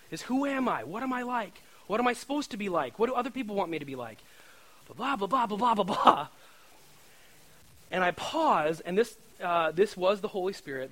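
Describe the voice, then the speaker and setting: A high, bright male voice delivering a sermon. He preaches in a loose, chatty way, full of "like" and "right?", and acts out voices. His delivery stays lively and animated.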